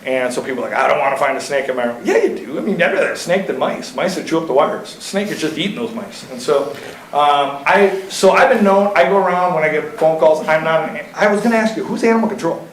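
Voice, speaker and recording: A man's voice: fairly high pitch, animated, fast, slight background noise. A man in his thirties from Iowa speaking to a city council as the local reptile keeper. He talks in a casual, folksy way, full of fillers and stories. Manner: chatty and folksy, lots of fillers and anecdotes. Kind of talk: casual storytelling at a public meeting. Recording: roomy council chamber sound.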